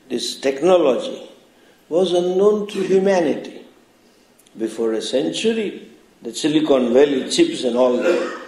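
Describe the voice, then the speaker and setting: A man's voice: mid-range voice, a little mellow. A man teaching a class on scripture, explaining patiently with rhetorical questions and chanted Sanskrit terms. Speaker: spiritual teacher. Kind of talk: lecture on scripture. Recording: roomy classroom echo.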